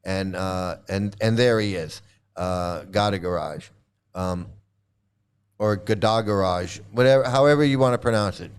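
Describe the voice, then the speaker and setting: A man's voice: fairly low pitch, smooth. A man giving casual video commentary, sarcastic and rambling with many restarts.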